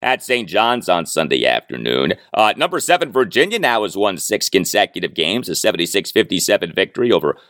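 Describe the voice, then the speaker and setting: Casting: male sports podcast host, 40s, animated delivery, dry close-miked sound. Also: low-pitched, no echo. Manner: brisk, reading listener emails with dry jokes. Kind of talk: sports talk podcast monologue.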